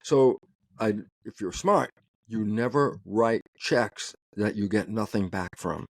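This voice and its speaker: Low-ish, slow and creaky, this man's voice comes through a dry recording. As a biologist being interviewed, he keeps things lively and conversational, stressing his points, laughing partway through sentences, and playing out both sides of exchanges.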